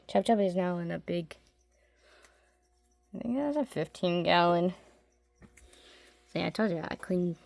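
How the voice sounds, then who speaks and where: Slow, gravelly-voiced woman chatting casually. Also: fairly low pitch, a little mellow, dry recording. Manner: chatty and rambling, trails off mid-sentence and coos at her animals. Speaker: pet keeper showing her tarantulas and fish. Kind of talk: casual vlog chat. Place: home basement, indoors.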